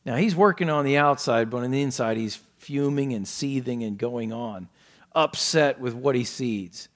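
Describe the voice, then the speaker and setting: A man preaching an expository sermon as pastor, stressing words hard and dropping to quiet asides, asking his listeners questions. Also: mid-range voice, moderate pace. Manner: emphatic, swings from loud stresses to quiet asides; asks the listeners rhetorical questions.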